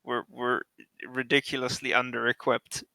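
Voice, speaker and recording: A man taking part as a player in a tabletop roleplaying session. His voice is gravelly with a lot of fry, yet bright and sharp in tone. He chats casually, swears now and then, and laughs easily. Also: medium pitch, monotone, normal speed, no echo.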